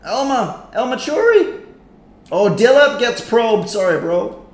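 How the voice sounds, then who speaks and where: A man hosting a live stream in casual commentary, chatty and excitable as he reacts to a game. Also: high voice, takes it slowly. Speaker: livestream host. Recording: echoey room with faint noise.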